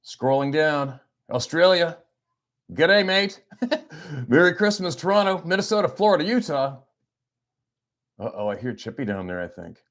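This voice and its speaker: A man's voice: on the high side, very animated, normal speed, long pauses. A man hosting a hunting channel, chatting casually on a livestream from a farmhouse, playful and teasing. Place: small farmhouse at Christmas.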